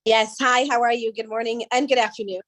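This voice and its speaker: Woman on a group call asking a question, polite, kinda hesitant, voice on the higher side. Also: fairly even intonation, fairly quick. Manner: polite, warm, a little hesitant with restarts.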